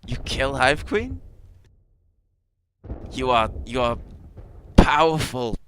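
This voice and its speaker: Man voicing a high-pitched four-armed bug, broken speech, repeats words, awed. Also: very animated, slow, noisy background.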